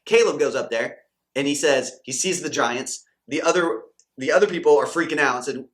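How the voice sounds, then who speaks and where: A man's voice: fairly high pitch, moderate pace. A man giving a motivational faith talk to camera as a Christian coach and channel host, fired-up and preachy, acting out quoted doubters and believers.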